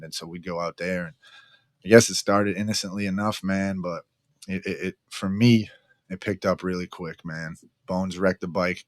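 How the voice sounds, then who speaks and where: Middle-aged man, deep monotone voice, frank, profane, casual storyteller. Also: dry recording. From Massachusetts, near Boston. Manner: frank, profane, says "man" after almost every phrase. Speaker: guest in recovery.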